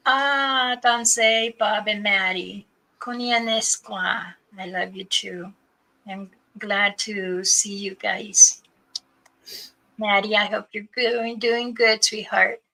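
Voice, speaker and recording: A woman's voice: medium pitch, fairly even intonation, slow, sharp tone, low-quality recording. A woman hosting a livestream, chatting casually with viewers and telling stories in a loose, rambling way. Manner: chatty storytelling, greeting viewers. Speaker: livestream host.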